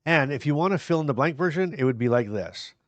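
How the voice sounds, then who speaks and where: A man's voice: a little high, lively intonation, fast, no echo. A man hosting a podcast, talking to his viewers in an earnest, encouraging way with some self-deprecating humor. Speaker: podcast host. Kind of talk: casual podcast talk to viewers.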